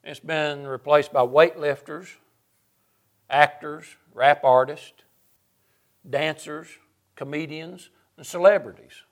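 A man's voice: on the high side, fairly even intonation, takes it slowly, pauses often. A man preaching a sermon, emphatic and sarcastic, building his points through lists.

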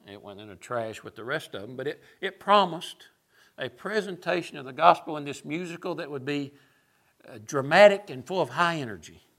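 A man's voice: on the high side, expressive, moderate pace, fairly bright tone. A man preaching a sermon, emphatic and sarcastic, building his points through lists.

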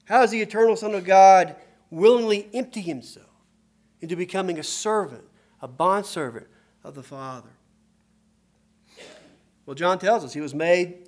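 Preaching at normal speed in a high-pitched voice, a man alternates between quiet storytelling and loud, emphatic moments when quoting scripture during his sermon.

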